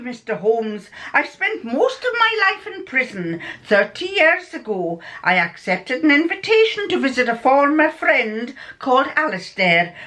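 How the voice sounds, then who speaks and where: A woman's voice: pushed and bright, full character voice. A woman voicing a distraught greying Scottish ex-convict with a put-on Scottish accent that slips into Irish, reading a story aloud. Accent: put-on Scottish, mixed with a bit of Irish. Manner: high, pleading, near tears.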